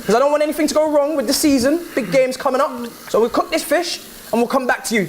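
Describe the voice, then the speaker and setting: A man's voice: extremely high pitch, fast, slight background noise. A man teasing a rival fan in casual banter, chuckling between his phrases. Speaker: pundit.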